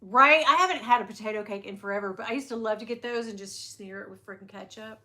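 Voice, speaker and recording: A middle-aged woman vlogger telling a story in a chatty, animated way while chatting with viewers. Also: medium pitch, fast talker. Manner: animated, chatty, acts out quotes. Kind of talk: casual storytime, live chat.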